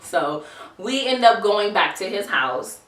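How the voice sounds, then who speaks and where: Woman in her twenties, bright edgy voice, slangy profane storytelling, roomy echo, distant mic. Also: medium pitch, animated, slow pace. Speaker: vlogger. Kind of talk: storytime vlog.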